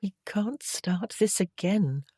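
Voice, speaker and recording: A woman voicing a young lady in love in a period romance, soft and earnest, a little higher than her narration. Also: expressive, slow, slightly rough, no room sound, clean studio sound, full character voice. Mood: tender.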